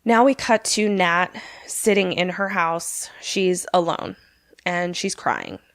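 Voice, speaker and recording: A woman's voice: fairly low pitch, lively intonation, slow, no room sound, studio quality. A woman podcast co-host casually recapping a movie plot, chatty and full of filler words, swearing now and then.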